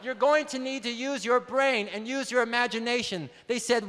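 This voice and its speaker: A man with a very high voice tells his prison testimony as a sermon, earnest and emphatic, calling out to the listeners. His voice rings out through a long hall reverb. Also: normal speed, few pauses, a bit bright. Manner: earnest, emphatic, calls out to the audience. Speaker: preacher.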